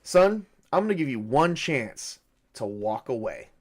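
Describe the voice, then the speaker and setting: A man voicing a calm, defiant police officer who stands his ground. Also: mid-range voice, a little slow. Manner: steady and unyielding.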